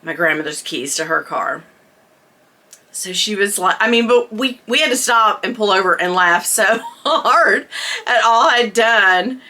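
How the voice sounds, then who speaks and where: A middle-aged woman vlogger telling a storytime, chatty and animated, laughing often. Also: mid-range voice, a little slow. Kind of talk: storytime chat.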